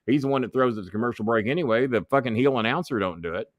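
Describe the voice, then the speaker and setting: The man talks rapid-fire in a mid-range voice, a former wrestling manager guesting on an interview and spinning backstage stories. He curses freely and acts out the voices of the people he quotes, with clean studio sound and no room sound.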